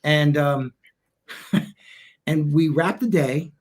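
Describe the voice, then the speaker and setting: A man's voice: on the high side, slow pace. A man from Westchester with a New York accent, telling stories as an interview guest. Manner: animated storyteller, acts out quotes. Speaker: guest, actor and writer. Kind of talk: interview chat.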